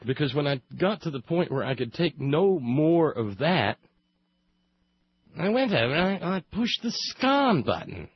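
A man's voice: fairly high pitch, expressive, measured pace, breathy edge, dry recording. A man telling a long sarcastic monologue, building to comic outbursts. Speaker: radio commentator. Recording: muffled lo-fi recording.

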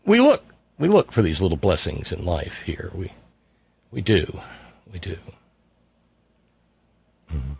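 A middle-aged radio host with a low, gravelly, husky voice, sardonic in tone. He mocks the messages he reads aloud on his call-in show. The studio sound is close and dry. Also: wildly swooping pitch, slow pace, pauses often, darkish tone.

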